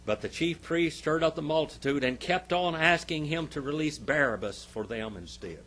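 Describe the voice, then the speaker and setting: Animated man teaching a Bible class. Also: fairly high pitch, normal speed, hardly any pauses. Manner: animated, swinging from loud emphatic bursts to quiet asides; repeats phrases for emphasis. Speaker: Sunday school teacher. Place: church classroom.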